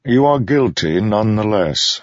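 A man's voice: fairly low pitch, measured pace, no room sound, highs cut off, pitched above the performer's own voice. A man voicing a cold male law enforcer who speaks evenly and without emotion. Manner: even, flat, without emotion.

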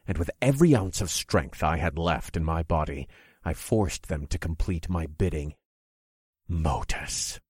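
A man with a very low voice reads a dark first-person story aloud. His delivery is measured and dramatic. The sound is dry and close, with no room echo.

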